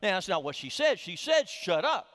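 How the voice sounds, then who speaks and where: A man's voice: sits high, very animated, fairly quick, a bit bright. A middle-aged man preaching a sermon as a pastor, telling a humorous story with frequent restarts, in a reverberant sanctuary. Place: church sanctuary.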